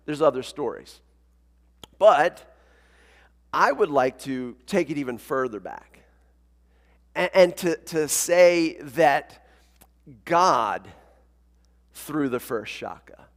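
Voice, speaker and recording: A pastor preaches in a fairly high, lively voice, chatty and full of energy as he calls on his congregation to respond. The sound rings with the long reverb of a church hall. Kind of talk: sermon. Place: church sanctuary.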